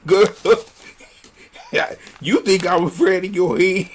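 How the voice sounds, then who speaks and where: A man giving a casual recap of a reality show, laughing often as he talks. His pitch swings up and down a lot, while his pace stays slow and drawn out. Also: a little hiss or hum. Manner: animated, breaks into frequent laughter. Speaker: reality TV reviewer.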